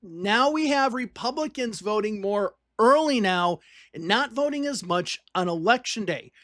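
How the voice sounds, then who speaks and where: A relaxed commentator from the northern United States talks through the news in a loose, conversational way. The voice sits in a middle range. It is recorded close and dry, with no room sound. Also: medium pitch, a little slow, no echo. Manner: conversational, reads on-screen text aloud and repeats points for emphasis. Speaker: political commentator. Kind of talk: casual political commentary.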